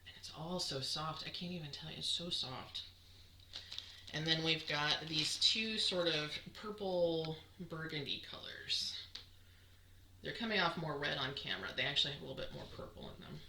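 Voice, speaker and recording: Woman, low voice, rambling show-and-tell host, echoey room with noise behind. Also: normal speed, pushed and bright. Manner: chatty, rambling, many ums, laughs at herself. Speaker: knitting podcast host. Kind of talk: casual show-and-tell chat.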